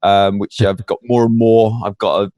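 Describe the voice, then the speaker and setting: A man's voice: fairly low pitch, fairly even intonation, normal speed, darkish tone, dry recording, studio quality. A man, a guest in a casual interview, telling stories with many fillers and restarts. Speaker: podcast guest.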